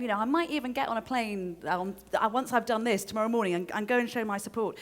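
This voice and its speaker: A woman's voice: a little high, lively intonation, quick pace, few pauses. A woman in her forties giving an informal talk to a live audience, chatty and self-deprecating with frequent ums and restarts. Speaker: speaker giving a short stage talk.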